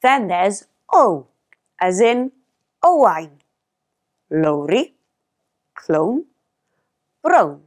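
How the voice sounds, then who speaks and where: A woman teaching a language lesson in clear, careful narration, modelling each pronunciation. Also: medium pitch, sing-song, extremely slow, long pauses, a little mellow.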